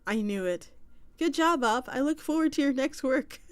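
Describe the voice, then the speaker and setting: A woman voicing a brash young male forum commenter who teases and scolds loudly in a raised voice. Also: medium pitch, unhurried, no echo, lightly acted. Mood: mocking. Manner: teasing, exasperated, loud.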